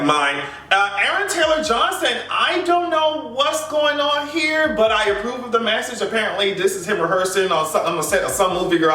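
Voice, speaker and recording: A bright, high-voiced man riffs through celebrity gossip with sassy asides, often breaking into laughter. He sits some way from the mic, and the room lends a hollow echo. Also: distant mic. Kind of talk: casual pop-culture commentary.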